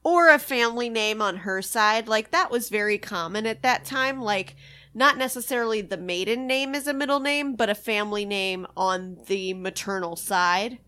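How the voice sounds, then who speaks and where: A woman's voice: medium pitch, moderate pace, pushed and bright, clean tone. A woman co-hosting a podcast, recounting scenes in a chatty, gushing way. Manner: gushing, chatty storytelling with acted quotes. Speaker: podcast co-host. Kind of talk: casual comedic recap chat.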